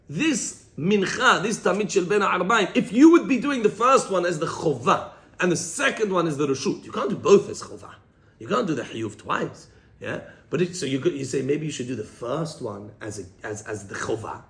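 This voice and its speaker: A man teaching a Torah class to students, explaining with lively emphasis and frequent checks that they follow. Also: sits high.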